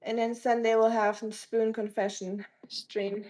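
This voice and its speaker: A woman's voice: fairly high pitch, little pitch movement, a little slow, darkish tone, low-quality recording. Chatty woman streamer cooking in kitchen. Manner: chatty, greets viewers by name, teasing jokes. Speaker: live streamer. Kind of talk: casual live-stream chat while cooking. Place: home kitchen.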